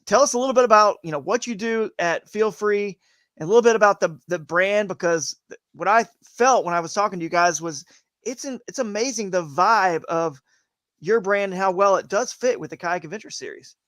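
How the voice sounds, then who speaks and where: A talkative man with a fairly high voice co-hosts a live stream, rambling through his points with quick restarts. His voice is recorded close and dry. He keeps an easy, casual chat going. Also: a bit bright, no echo. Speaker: co-host of a kayak fishing live show.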